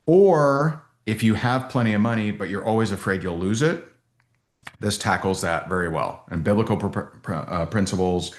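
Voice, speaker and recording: A man coaching a team on a video call, telling stories with lively restarts and repeats. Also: lowish voice, moderate pace, roomy sound. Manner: animated storytelling with many restarts. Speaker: business coach.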